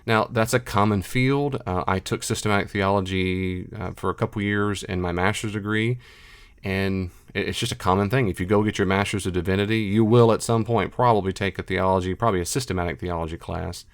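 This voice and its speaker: Middle-aged male scholar, lower pitch, emphatic unscripted monologue with repetitions. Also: brisk, clear, resonant tone. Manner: emphatic, repeats himself, animated asides. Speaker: biblical scholar and lecturer.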